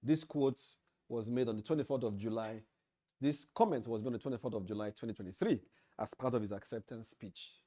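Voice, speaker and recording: A man's voice: mid-range voice, fairly quick, warm tone. A man with a Nigerian English accent giving a training lecture to association officials, emphatic and repeating key phrases for stress. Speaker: leadership trainer at an association meeting. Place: meeting hall.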